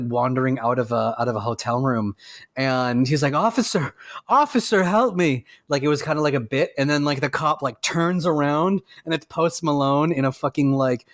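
A man co-hosting a casual music podcast from a remote call, talking in an excitable, rambling and self-mocking way. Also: mid-range voice, no echo. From Canada. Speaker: podcast co-host. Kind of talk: casual chat. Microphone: remote call mic.

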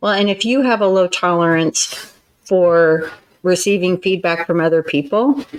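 A woman with a slightly low voice talks through advice in a relaxed podcast conversation. She explains things earnestly and at length, now and then acting out how a line can sound. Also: a little slow, smooth, rough recording. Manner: earnest, explanatory, acts out tones of voice in examples. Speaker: podcast co-host. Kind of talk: casual advice chat.

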